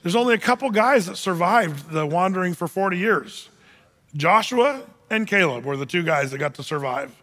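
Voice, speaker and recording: An animated man preaching to a gathering, his high voice bright and forceful as he acts out the people in his story. The sound rings with the long reverb of a large hall. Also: normal speed. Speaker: men's group speaker. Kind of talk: sermon.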